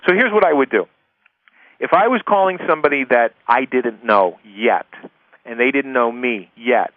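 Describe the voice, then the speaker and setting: A man's voice: mid-range voice, no room sound. Male sales coach, chatty and repetitive, thin phone-line sound, dry. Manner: chatty, repeats key points, checks in with "okay?". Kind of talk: conversational recorded course lesson.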